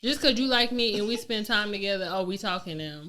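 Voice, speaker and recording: A woman's voice: mid-range voice, animated, brisk, sharp tone. A woman co-hosting a podcast in casual chat, blunt and joking with her friends. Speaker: podcast co-host.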